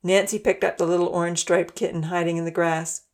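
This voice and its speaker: A woman narrating a children's story in a gentle, even storytelling manner. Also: on the low side, fast.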